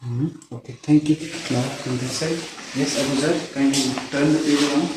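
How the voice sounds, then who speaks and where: A man's voice: mid-range voice, steady tone, normal speed. A man with a Pakistani accent teaching young children in a school library, patient and coaxing, repeating his instructions. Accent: Pakistani English. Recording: echoey room, noisy background.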